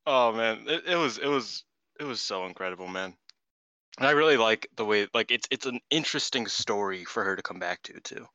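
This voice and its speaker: Excitable podcast guy, super bright voice, swears a lot, dry close sound. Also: fairly low pitch, normal speed, dry recording. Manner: excitable, swears freely, many restarts. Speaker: podcast co-host. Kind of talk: casual chat.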